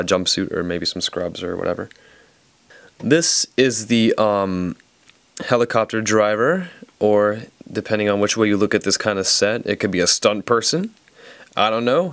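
Southern-accented man, casual reviewer, lowish smooth voice, dry close sound, rambling playful jokes. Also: no room sound. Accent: Southern American. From American South. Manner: rambling, jokey, playful asides. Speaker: toy reviewer.

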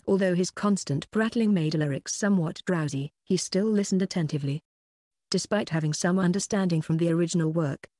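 An audiobook narrator giving a steady, scripted reading of a fantasy novel. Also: medium pitch, dry recording, studio quality.

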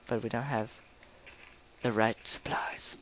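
A young man chats through a video game session, rambling and joking, and now and then bursts out loud. His voice sits at an ordinary pitch. A faint hiss runs under the recording. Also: steady tone, slow pace. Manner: rambling, goofy, sudden loud outbursts. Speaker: gameplay commentator. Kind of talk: casual gaming commentary.

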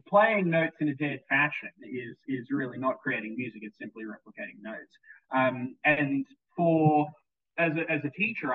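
A man's voice: medium pitch, slightly rough. A male music teacher giving a recorded presentation, enthusiastic, with frequent ums and repeated words. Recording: tinny phone-like sound, distant mic.

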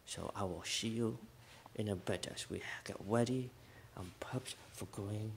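A man's voice: lowish voice, unhurried, creaky. A man filming a casual vlog at home, chatting to viewers and calling his dogs. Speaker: vlogger. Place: at home, then in a garage. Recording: noisy home video.

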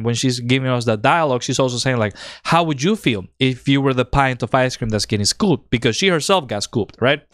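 A man's voice: medium pitch, no echo, clean studio sound. Rambling male game streamer. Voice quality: rambling and excited. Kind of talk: live-stream commentary.

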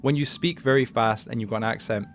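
Young man, faint Scottish lilt, fast casual podcast host. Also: mid-range voice, soft background music. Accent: light Scottish. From Scotland. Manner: quick, animated, says "you know what I'm saying".

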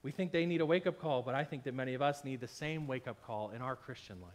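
Tired and unwell with a stomach ache, a man still delivers his sermon as pastor with emphasis, voicing imagined complaints as quotations. He speaks quickly in a medium-pitched voice.

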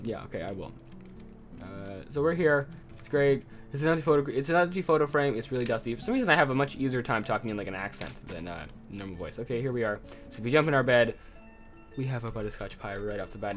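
A man's voice: medium pitch, a bit bright. A man chatting casually while playing a video game, rambling and correcting himself as he goes. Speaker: let's play gamer. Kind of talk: casual gameplay commentary.

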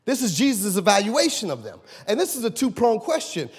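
Male pastor, high husky voice, preaching in a church with long reverb; loud shouted points, then hushed asides. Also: wildly swooping pitch, a little fast. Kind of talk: sermon. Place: church sanctuary.

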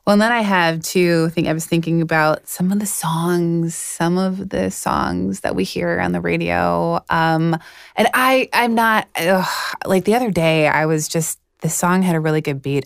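A woman in her forties co-hosting a podcast, telling stories in a heated, frank, animated way. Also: fairly low pitch, moderate pace, vocal fry, smooth, no echo, clean studio sound. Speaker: podcast co-host. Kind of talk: casual chat.

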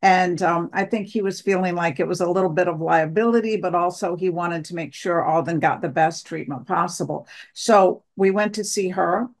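Animated woman telling a story. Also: lowish voice, normal speed, few pauses. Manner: animated storyteller acting out quoted dialogue. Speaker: guest, wife of the other guest. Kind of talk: storytelling interview.

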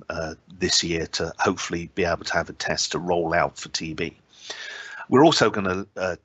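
A man's voice: deep voice, a bit bright, slightly rough, no echo. A man giving an academic talk at an online scientific symposium, hesitant with frequent filler sounds, with touches of dry humour. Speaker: invited speaker at a scientific symposium.

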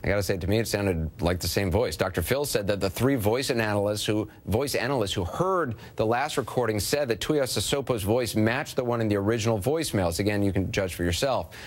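A man's voice: on the low side, brisk, few pauses. A man anchoring a TV news segment, asking direct, probing questions. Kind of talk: TV news interview.

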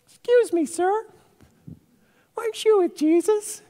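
A man voicing a timid young slave girl, politely insistent, in a high squeaky falsetto. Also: slow pace, dark tone. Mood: prying. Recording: reverberant church hall.

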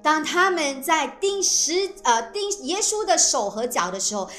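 A woman interpreting a sermon phrase by phrase with expressive phrasing. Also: sits high, moderate pace, reverberant, faint music behind.

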